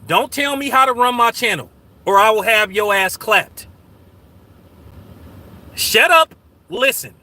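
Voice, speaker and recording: Streamer host, man, high and very bright voice, profane and combative delivery. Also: normal speed. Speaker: channel host. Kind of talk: casual livestream talk.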